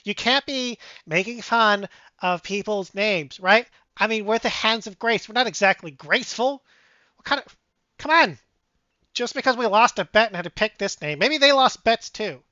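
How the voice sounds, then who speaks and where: Game master playing a jittery mouse, high, fast, babbling, bright dry lo-fi sound. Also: lively intonation, dry recording. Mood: flustered. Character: nervous talking mouse, eager to please. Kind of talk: tabletop game voice acting.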